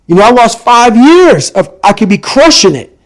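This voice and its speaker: A middle-aged man giving an intense motivational talk as a podcast guest, forceful and repetitive in his emphasis. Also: very high-pitched, very animated, normal speed.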